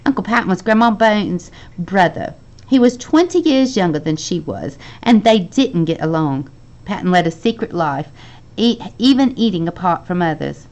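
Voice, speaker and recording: Woman teacher, storybook read-aloud, lively and expressive, low with some fry. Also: normal speed, muffled recording. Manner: expressive reading with lively voiced dialogue. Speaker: teacher reading to her class. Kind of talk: reading a children's novel aloud.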